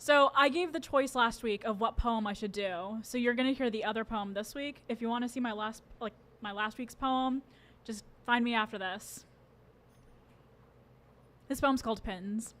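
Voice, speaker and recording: A woman with a somewhat high voice performs spoken word at an open mic. She speaks casually to the crowd, then reads with paced, rhythmic phrasing in a live venue. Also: normal speed, fairly bright tone. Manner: conversational intro, then paced poetic reading.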